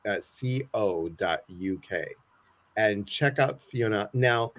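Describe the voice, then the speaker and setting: A man's voice: fairly low pitch, lively intonation, takes it slowly, a bit bright. Chatty American man hosting a live chat. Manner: chatty, playful, reads viewer comments aloud. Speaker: host. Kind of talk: casual live chat with a guest.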